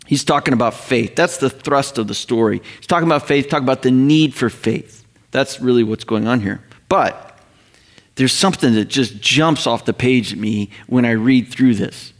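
A middle-aged man preaching a sermon to his church in a conversational, animated way, often acting out the voices he quotes. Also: mid-range voice, moderate pace. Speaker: pastor.

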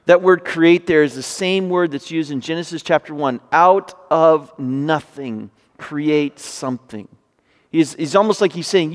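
A man with a high-pitched voice preaching a sermon. He reads scripture and then unpacks it in a relaxed, conversational way. His voice rings with the long reverb of a large hall. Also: unhurried. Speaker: pastor.

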